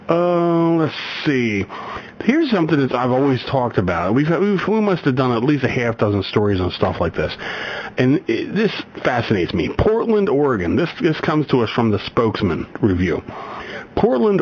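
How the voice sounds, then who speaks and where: A man hosting a radio show, chatting casually and reading a news story aloud with many restarts and chuckles. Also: medium pitch. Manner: rambling, self-correcting, chuckles often. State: getting over a migraine. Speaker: radio host. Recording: slightly dull radio recording, faint background noise.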